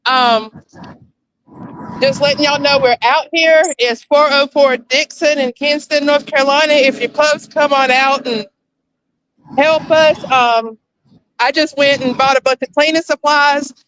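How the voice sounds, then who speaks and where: Calling in by phone to a live panel, a volunteer gives a chatty, apologetic live update while out of breath. She's outdoors on school grounds in the summer heat, with a noisy background behind her high-pitched, fairly even, unhurried voice.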